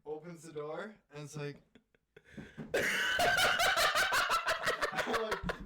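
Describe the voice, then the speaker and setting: A young man co-hosting a podcast, telling a story in casual chat, animated and swearing, often laughing as he talks. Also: fairly high pitch, slow, pauses often, heavy background noise. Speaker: podcast co-host.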